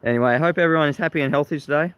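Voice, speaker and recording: A man's voice: fairly high pitch, very fast, smooth, no echo, highs cut off. An Australian man hosting a livestream, greeting viewers and mocking his critics with frequent laughter. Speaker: livestream host. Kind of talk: live-stream monologue greeting viewers.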